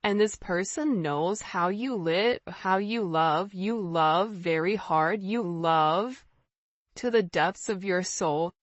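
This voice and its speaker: A woman's voice: lowish voice, slow pace, no echo. A woman giving a casual tarot reading, speaking earnestly and repetitively straight to the viewer. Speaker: tarot reader. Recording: slightly dull lo-fi sound.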